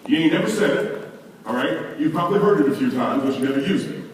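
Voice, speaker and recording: Male seminar speaker, animated and preachy, distant in a very echoey hall. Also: medium pitch, fast, slight background noise. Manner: animated, preachy, addresses the audience directly. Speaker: leadership conference speaker. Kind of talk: motivational seminar talk. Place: large hall with audience. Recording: echoey hall recording from far off.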